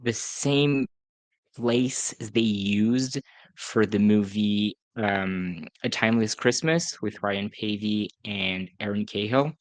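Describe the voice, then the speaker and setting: Male podcast host, lowish voice, dry close sound, chatty and self-correcting. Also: slow pace, no room sound. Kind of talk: casual solo podcast review.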